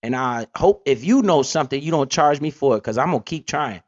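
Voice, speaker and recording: A man from Connecticut hosting a livestream, talking loudly in animated street slang and swearing often. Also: mid-range voice, brisk. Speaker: livestream host. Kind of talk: casual livestream chat. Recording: lo-fi stream audio.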